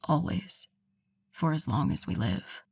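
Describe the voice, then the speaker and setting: A woman voicing a tender, protective werewolf man with a low, soft, reassuring way of speaking. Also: very animated, a little slow, vocal fry, breathy edge, exaggerated voice.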